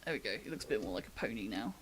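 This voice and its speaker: A woman's voice: rumbling low, animated, rapid-fire, breathy edge. Chatty woman talking through a drawing. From United Kingdom. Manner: chatty, thinking aloud, laughs often. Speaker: artist giving a drawing demo. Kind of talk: casual live-stream drawing tutorial.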